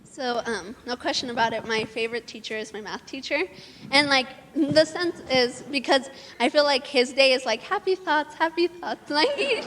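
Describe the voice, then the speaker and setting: A woman's voice: high-pitched, a bit bright, big-room sound, a little hiss or hum. A teenage girl student on a panel, gushing about a favorite teacher in a giggly, casual way full of "like".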